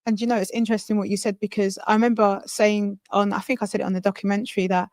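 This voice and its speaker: A woman's voice: medium pitch, little pitch movement, quick pace, dry recording. Woman hosting an interview. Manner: warm encouraging interviewer, lots of agreement. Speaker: host. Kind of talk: casual interview talk.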